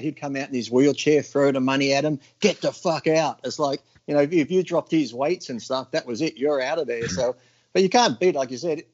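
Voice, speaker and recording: A man telling gym stories in casual chat, acting out other people's lines in loud bursts. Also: mid-range voice, dull audio. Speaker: podcast guest.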